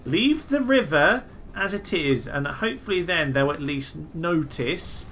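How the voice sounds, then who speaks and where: A young man giving casual, jokey commentary over a strategy game, breaking into loud excited exclamations. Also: fairly high pitch, unhurried, slight background noise. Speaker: gaming video host.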